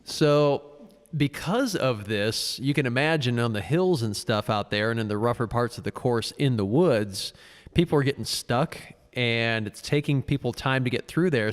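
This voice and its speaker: A man co-hosting a podcast, telling a race story in casual chat and acting out quotes in a high voice. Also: big-room sound. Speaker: podcast co-host.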